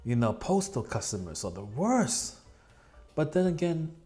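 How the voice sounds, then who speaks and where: Chatty man with a mellow voice. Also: fairly high pitch, big pitch swings, measured pace, soft background music. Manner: chatty storyteller acting out quoted people in raised voices. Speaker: vlogger. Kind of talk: casual rambling vlog chat. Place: at home near a computer.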